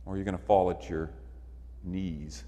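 A man's voice: deep voice, fairly even intonation, moderate pace, warm tone. A man preaching a sermon emphatically, repeating phrases for effect. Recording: long reverb of a large hall.

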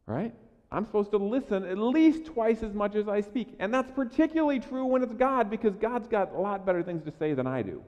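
A pastor preaches in a loose, conversational way, dropping to near-quiet asides and then pushing louder for emphasis. He often stammers and repeats words as he restarts. His voice rings in a long echoey hall on a dull, lo-fi recording. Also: sits high, expressive, fairly quick. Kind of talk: sermon.

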